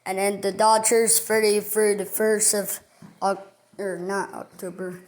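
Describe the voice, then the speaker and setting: A woman hosting a casual sports video, reading news and a schedule off a list item by item in a halting way. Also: mid-range voice, flat delivery, a little mellow.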